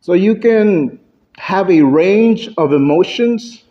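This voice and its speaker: A man delivering a prepared club speech, playing with his pitch and loudness for effect. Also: slow, muffled recording. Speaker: Toastmasters club speaker. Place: club meeting room.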